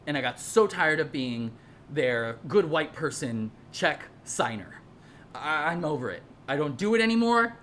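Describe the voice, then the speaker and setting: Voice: mid-range voice, sing-song, a little slow, a bit bright, slight background noise. A speaker telling a personal story in a casual monologue, heated and profane, rambling with frequent repeats and restarts.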